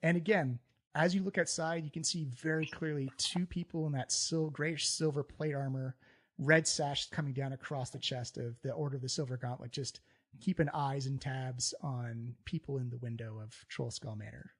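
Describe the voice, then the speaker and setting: A man's voice: mid-range voice, steady tone, moderate pace. A man narrating a tabletop game as game master, describing scenes in a loose, conversational way.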